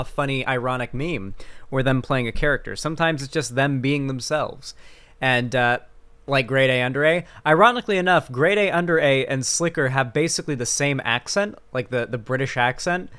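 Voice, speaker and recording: A man's voice: mid-range voice, moderate pace, fairly bright tone, smooth. A man hosting a casual commentary stream, talking in a rambling, sarcastic way with many fillers.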